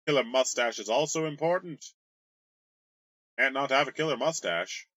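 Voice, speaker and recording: Expressive and fairly bright, a mid-range male voice moves at a normal pace with no echo. The speaker is a game master casually explaining his tabletop campaign's backstory, rambling along with jokes and crude humor.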